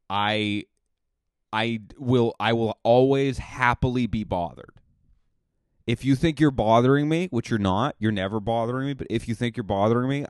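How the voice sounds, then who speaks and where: A male comedian talks loosely into the mic at a middle pitch, circling back and restarting his sentences. The sound is dry and close, with no room around it. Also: dry recording. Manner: chatty and rambling, with many restarts and fillers. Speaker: stand-up comedian and podcast host. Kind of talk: casual podcast monologue.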